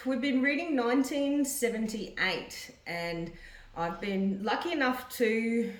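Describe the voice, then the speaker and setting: Lady chatting to camera then reading diary pages, stops and restarts, echoey room. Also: fairly high pitch. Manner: halting, reads with restarts and corrections. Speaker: vlogger reading her mother's diaries. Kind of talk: casual vlog and reading aloud. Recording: roomy echo.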